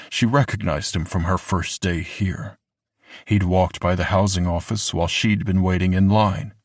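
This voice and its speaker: A man reading a horror audiobook in a measured, deliberate way, slowing down for the grim moments. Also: sits low, no echo, clean studio sound. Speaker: audiobook narrator. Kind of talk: scripted horror narration.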